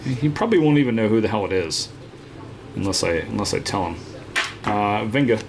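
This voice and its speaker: Man, card-break host, teasing live chat, very lively pitch, faint noise behind. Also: fairly quick, creaky. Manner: teasing, banter with viewers, frequent "uh" fillers. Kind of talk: casual live-stream chat.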